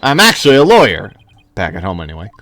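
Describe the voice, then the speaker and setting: A man's voice: on the low side, wildly swooping pitch, quick pace, fairly bright tone, no echo, faint music behind, voice pushed down, full character voice. A man voicing a confident young male lawyer with a wry, matter-of-fact delivery, in a game playthrough.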